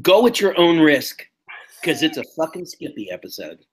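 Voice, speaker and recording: A man in his sixties co-hosting a podcast in casual chat, musing and opinionated with drawn-out phrasing. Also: on the high side, sing-song, slightly rough. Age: 60s. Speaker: podcast co-host.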